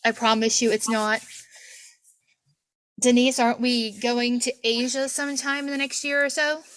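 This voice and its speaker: A woman in her forties, a podcast host, telling a lively story over a video call and acting out the voices of the people in it. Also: on the high side, moderate pace, poor audio. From Kentucky, USA. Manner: animated storyteller, acts out quoted voices, laughs often.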